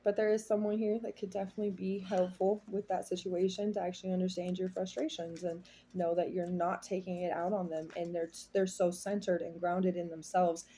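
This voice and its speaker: A woman's voice: fairly low pitch, little pitch movement, fairly quick, dark tone, slight background noise. A woman giving a tarot reading to her viewers, talking in a rambling, heartfelt, confiding way. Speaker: tarot reader. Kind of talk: casual tarot reading monologue.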